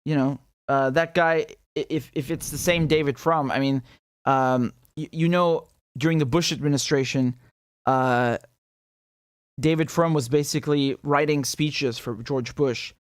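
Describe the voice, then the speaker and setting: A man's voice: a little high, steady tone, measured pace, no room sound, studio quality. A man from Syria hosting a casual livestream of political commentary, chatty, with frequent laughs and lots of fillers and restarts.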